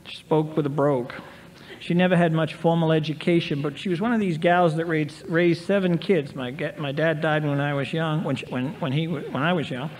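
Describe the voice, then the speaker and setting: A man in his sixties speaks at a recovery meeting, telling stories with wry, self-mocking humor; his voice is on the high side and a little fast. The recording is reverberant 1990s tape from a large convention hall with faint hiss.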